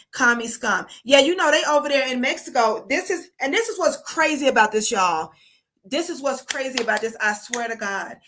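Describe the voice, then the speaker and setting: Bright high-voiced woman ranting on stream. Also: a little hiss or hum. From United States. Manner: profane, heated and emphatic. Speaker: streamer host. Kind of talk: casual livestream rant.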